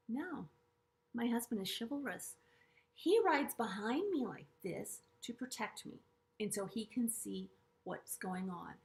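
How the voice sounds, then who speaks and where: A middle-aged woman earnestly telling a personal story to camera, halting and restarting often and dropping to hushed asides. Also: on the high side, expressive. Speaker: vlogger sharing a personal story.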